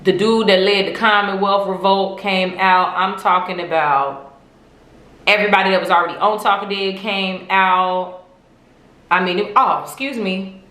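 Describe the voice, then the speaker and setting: A woman hosting a podcast, telling stories in an animated, chatty way full of slang and swearing. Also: medium pitch, normal speed, roomy sound. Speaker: podcast host. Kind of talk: casual fan chat.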